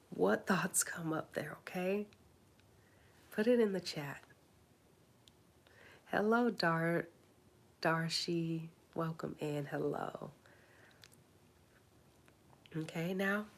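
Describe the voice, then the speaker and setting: A woman's voice: sits low, takes it slowly, pauses often. A woman life coach leading a live online workshop, talking emphatically, checking in with "okay?" and dropping to a whisper to stress points.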